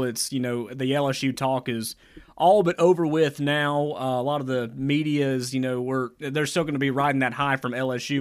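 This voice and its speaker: A man hosting a sports podcast in casual chat, asking long rambling questions full of fillers. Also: mid-range voice. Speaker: podcast host.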